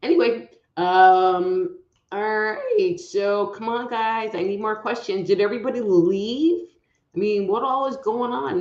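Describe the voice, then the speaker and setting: A woman's voice: mid-range voice, lively intonation, a little slow, darkish tone, echoey room, lo-fi sound. A woman hosting a live online show as a psychic reader, chatting casually and rambling through stories while calling out audience members by name. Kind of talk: casual live-stream chat.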